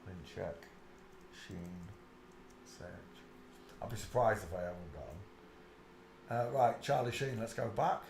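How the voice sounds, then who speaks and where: A man's voice: animated, measured pace, gravelly, pauses often, roomy sound, slight background noise. A man hosting a live stream, rambling on and muttering asides to himself. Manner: breaks into high shrieking laughter.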